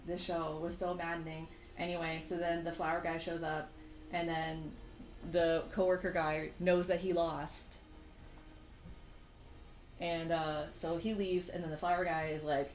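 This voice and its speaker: Animated young woman vlogger, roomy sound. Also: unhurried. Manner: animated, exasperated storytelling with sudden jumps in pitch. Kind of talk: casual chat while drawing.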